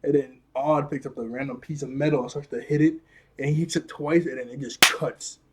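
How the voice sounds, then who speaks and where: A young man casually recapping a cartoon episode, rambling and laughing often as he acts out the characters' lines in quick voices. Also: mid-range voice, steady tone, fairly bright tone, breathy edge. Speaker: video reviewer.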